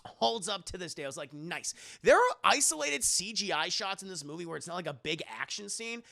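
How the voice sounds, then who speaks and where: A man's voice: sits high, very animated, brisk, vocal fry, pushed and bright. A man streaming a casual film recap, rambling and swearing as he talks to his chat. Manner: profane, rambling, keeps addressing chat.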